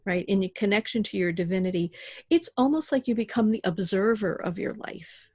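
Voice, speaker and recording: A middle-aged woman chats as a podcast guest, slipping into little acted voices as she tells her stories. Her voice sits at a middle pitch and is heard close and dry, with no room sound. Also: fairly quick, slightly rough, dry recording. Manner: animated storyteller who acts out voices. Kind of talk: casual podcast conversation.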